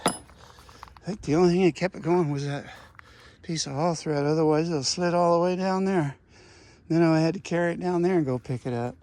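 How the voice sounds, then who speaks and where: A man's voice: a little high, fairly quick, a little mellow. A man, a rancher, talking casually and rambling as he works outdoors in his garden, with folksy exclamations. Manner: folksy, rambling, drifts off topic. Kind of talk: casual vlog narration while working.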